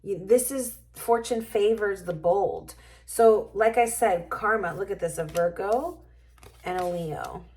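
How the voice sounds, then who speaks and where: A woman reads tarot cards to her viewers in a casual, musing way, thinking aloud as she goes. Her voice sits at a middle pitch, and she talks at a slow, unhurried pace. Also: darkish tone. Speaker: tarot reader. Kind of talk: casual tarot reading to camera.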